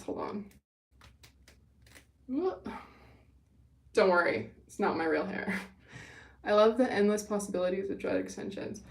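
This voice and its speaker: A young woman hosts a casual livestream, her mid-range, darkish voice bubbly and gushing as she chats with viewers. She's a little winded from running, and she sounds distant in an echoey room, away from the mic.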